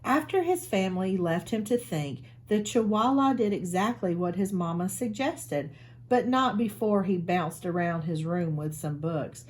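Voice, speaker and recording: Expressive woman reading a picture book. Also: mid-range voice, unhurried. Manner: warm, chatty, expressive. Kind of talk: picture book read-aloud for children. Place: school office.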